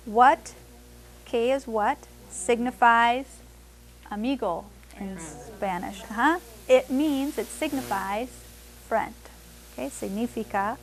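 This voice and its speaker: A woman teaching conversational Spanish to adults, switching between English and Spanish and repeating phrases slowly for the learners. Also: a little high, a little hiss or hum. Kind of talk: classroom language lesson.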